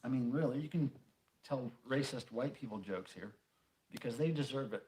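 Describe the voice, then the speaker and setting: Chatting casually on his livestream, a middle-aged host reads out viewer comments, wanders off with filler words, and sometimes swears. He speaks in a mid-range voice at a moderate pace, with a darkish tone.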